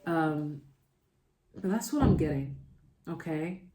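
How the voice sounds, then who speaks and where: Chatty woman tarot reader, low voice. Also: lively intonation, slow, echoey room, noisy background. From United Kingdom. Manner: chatty, repeats "okay?" often. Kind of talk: casual tarot reading.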